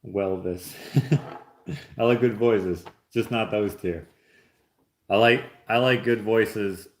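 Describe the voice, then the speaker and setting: Man, lowish voice, casual livestream chat, easygoing and joking, echoey room. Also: slow pace. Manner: easygoing, musing aloud, joking. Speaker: host reading live chat and opening gifts. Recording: roomy echo.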